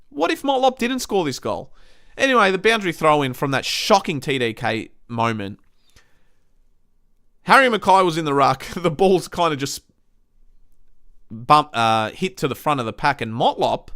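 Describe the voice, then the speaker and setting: Australian guy, host, fired-up sweary match rant, lively up-and-down pitch, fairly high voice. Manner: heated, sweary, exasperated ranting. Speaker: podcast host reviewing a football match. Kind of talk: casual ranting match review.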